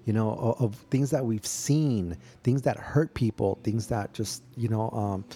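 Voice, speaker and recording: A man's voice: lowish voice, measured pace, dark tone. A man co-hosting a podcast in casual chat, speaking earnestly and often repeating words as he starts a thought. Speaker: podcast co-host.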